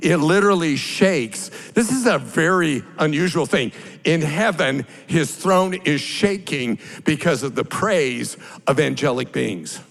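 A man preaching a sermon as pastor, building from plain explanation to loud, drawn-out cries. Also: a little high, lively intonation, gravelly, rough recording.

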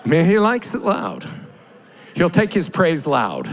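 A man preaching a sermon as pastor, building from plain explanation to loud, drawn-out cries. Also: high-pitched, very animated, low-quality recording.

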